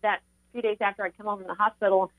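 A woman's voice: mid-range voice, level tone, quick pace, dry recording. A woman on a radio show, earnestly encouraging listeners and sharing her testimony. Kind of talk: heartfelt testimony talk. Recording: tinny phone line.

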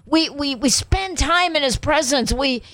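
A woman's voice: high-pitched, animated, measured pace, a bit bright, dry recording. An older woman hosting a Christian talk show, speaking in an emphatic, exclamatory, preaching way.

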